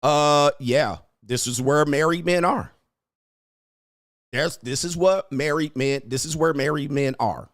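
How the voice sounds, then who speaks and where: A man's voice: on the high side, unhurried. A male livestream host giving brash, profane, combative commentary and laughing often. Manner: frequent laughter.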